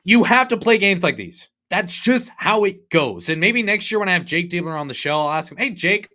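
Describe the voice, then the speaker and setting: A young man hosting a sports podcast, ranting in an animated, sarcastic, exasperated way. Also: high-pitched. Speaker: podcast host. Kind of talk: opinionated sports podcast rant.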